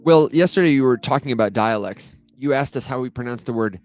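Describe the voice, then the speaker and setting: A man's voice: mid-range voice, animated, fast, soft background music. A man co-hosting a casual crypto chat, friendly and chatty, often restarting his words. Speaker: co-host.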